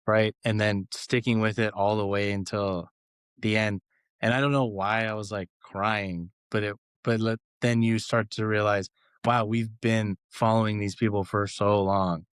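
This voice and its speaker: A guest cohost from Los Angeles tells stories animatedly on a casual podcast, acting out quotes and laughing. His fairly low voice is clear and resonant, a little slow with little pitch movement, recorded dry with clean studio sound.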